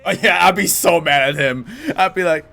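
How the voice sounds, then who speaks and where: A man reacting out loud to an anime episode, laughing, swearing and talking back to the screen. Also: on the high side, moderate pace, vocal fry, soft background music. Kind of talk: casual reaction commentary.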